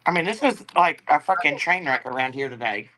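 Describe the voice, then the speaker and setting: A woman's voice: low-pitched, animated, a little fast, sharp tone. A woman co-hosting a casual livestream chat, making dry, laid-back remarks with the odd curse word. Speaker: co-host on a livestream.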